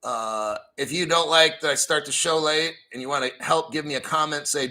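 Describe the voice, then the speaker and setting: On his crypto livestream, this middle-aged American rants foul-mouthed and combative, wandering from point to point. His slightly high, bright voice is forceful and brisk, barely pausing, over poor-quality audio.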